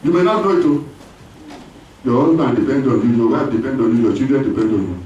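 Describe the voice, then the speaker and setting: A man preaching a sermon as pastor, lively, with call-and-response and acted voices. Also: medium pitch, fast, highs cut off, slight background noise. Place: church hall. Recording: echoey church hall from far off.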